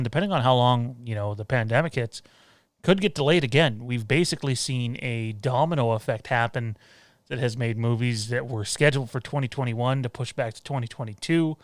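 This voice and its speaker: A man's voice: mid-range voice, dry recording. A man hosting a podcast panel, leading the talk and putting questions to the others. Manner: leads the discussion, asks questions. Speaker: podcast host. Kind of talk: casual panel chat.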